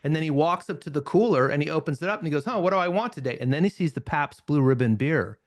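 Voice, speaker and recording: A man's voice: a little high, quick pace. A man teaching confidence techniques as an NLP trainer at a live seminar, speaking conversationally and acting out short examples in changing tones. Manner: energetic, conversational, acts out examples in varied tones.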